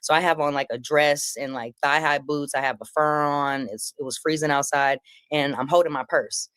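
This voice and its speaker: Low-voiced woman telling a wild story. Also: steady tone, moderate pace, fairly bright tone, smooth, dry recording, studio quality. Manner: acts out quotes with big pitch jumps, swearing freely. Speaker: comedian guest telling a story. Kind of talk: animated storytelling on a live panel.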